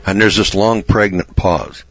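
A man telling a story in a sermon, folksy and stammering, restarting phrases and often clearing his throat. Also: low voice, fairly even intonation, measured pace, no room sound, dull audio.

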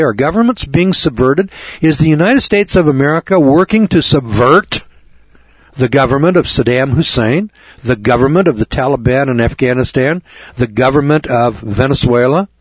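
A man with a husky voice hosts a talk radio show, ranting and firing off rhetorical questions. He needles his listeners with sarcasm. The broadcast sounds dull and lo-fi. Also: mid-range voice, no room sound. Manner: sarcastic, addresses audience as kids. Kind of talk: radio monologue.

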